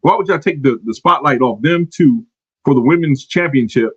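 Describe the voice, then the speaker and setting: A man hosting a wrestling podcast in casual chat, animated and laughing often. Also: medium pitch, normal speed, slightly rough, no room sound, muffled recording. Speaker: podcast host.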